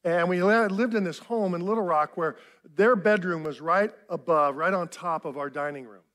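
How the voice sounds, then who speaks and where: High-voiced man in his fifties preaching. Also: moderate pace. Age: 50s. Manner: storytelling, animated and self-mocking. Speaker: pastor. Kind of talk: sermon.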